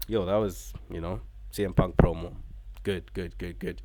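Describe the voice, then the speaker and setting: A man giving a casual, unscripted wrestling show review, excited, swearing and using lots of filler words. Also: sits low, normal speed, a little hiss or hum.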